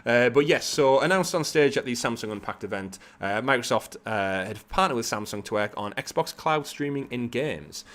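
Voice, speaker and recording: A man's voice: mid-range voice, lively intonation, normal speed, few pauses, fairly bright tone. A man hosting a live gaming podcast, reading news items in a chatty, joking way with many ums and uhs. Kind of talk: casual live podcast chat.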